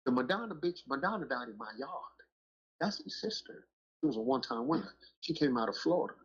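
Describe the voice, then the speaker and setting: Husky-voiced man telling blunt stories. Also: mid-range voice, big pitch swings, fast talker. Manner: emphatic, street slang, keeps asking "you know what I'm saying". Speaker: dog breeder on a podcast talk show. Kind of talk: casual storytelling chat. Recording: muffled lo-fi audio.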